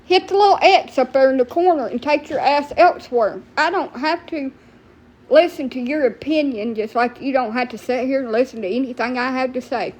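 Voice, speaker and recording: A woman's voice: sits high, brisk, darkish tone. A woman ranting profanely and sassily to viewers on a phone livestream. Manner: profane, heated, sassy, talks back to viewers. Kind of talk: ranting live stream.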